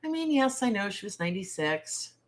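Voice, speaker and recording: A woman's voice: medium pitch, sing-song, brisk. A woman hosting a casual livestream chat, blunt and outspoken, with salty turns of phrase and questions thrown straight to her viewers. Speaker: author and livestream host.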